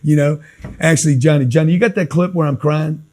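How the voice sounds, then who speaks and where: Man, motivational talk, blunt, emphatic, street-style coaching, fairly high voice. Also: fairly even intonation, a little fast, darkish tone. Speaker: motivational speaker.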